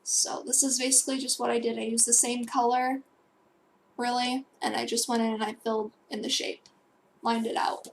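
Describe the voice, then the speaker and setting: Young woman, casual tutorial voice-over, high and monotone, light background noise. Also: moderate pace, creaky. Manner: rambling, self-correcting, with fillers and asides. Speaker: digital painting tutor.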